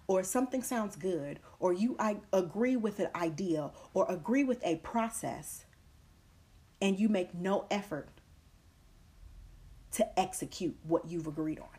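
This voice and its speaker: A woman's voice: mid-range voice, dark tone. A woman hosts her own podcast in a loose, casual monologue. She speaks emphatically and drives her points home by repeating them, and she slips into other voices when she quotes what people say. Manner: emphatic, preachy, repeats key phrases. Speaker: podcast host.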